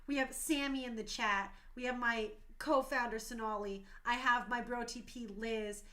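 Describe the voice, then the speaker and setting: A woman's voice: on the high side, fairly even intonation, normal speed, pushed and bright. A woman in her thirties hosting a talk show stream, speaking passionately and emotionally, tearful at times.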